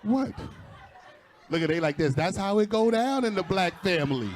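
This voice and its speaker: A man's voice: sits high, expressive, moderate pace, a little hiss or hum. A man doing stand-up crowd work before a live audience, teasing people and laughing at his own jokes. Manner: teasing, laughing, talking straight to audience members. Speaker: stand-up comedian.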